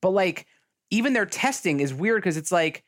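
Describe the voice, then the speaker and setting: A man's voice: high voice, normal speed, no room sound, clean studio sound. Rambling man chatting about a movie. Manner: rambling, animated, many fillers. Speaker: podcast co-host. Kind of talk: casual movie review chat.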